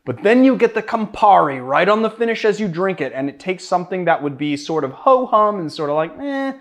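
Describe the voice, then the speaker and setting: Young male cocktail host from Boston, slightly high voice, casual and jokey, chatting as he mixes. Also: sing-song, a little fast. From Boston, USA. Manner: chatty, joking, self-deprecating.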